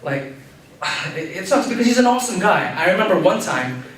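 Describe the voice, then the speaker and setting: A young man performs an open mic stand-up set, rambling with fillers and laughing at his own jokes. His high-pitched, sing-song voice is brisk and a bit bright, caught by a distant camera in an echoey campus restaurant with background noise.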